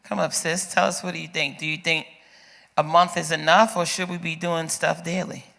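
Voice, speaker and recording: A man's voice: on the high side, little pitch movement, moderate pace, creaky, pushed and bright. A man moderating an open-mic community forum, putting pointed questions to the audience and calling people up to speak. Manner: asks the audience pointed questions, urging them up. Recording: echoey hall.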